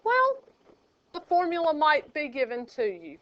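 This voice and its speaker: A woman leads a math class in a high voice, joking with her students. She talks slowly and leaves room between her questions. The classroom recording sounds dull and lo-fi. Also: clean tone. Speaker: math teacher. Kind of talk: classroom teaching.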